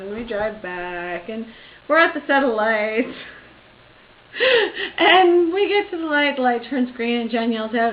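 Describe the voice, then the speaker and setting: A woman casually telling stories in a video chat, acting out quotes loudly. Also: high voice, normal speed. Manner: animated, acts out quotes loudly. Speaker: vlogger. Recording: echoey room, dull lo-fi sound, faint noise.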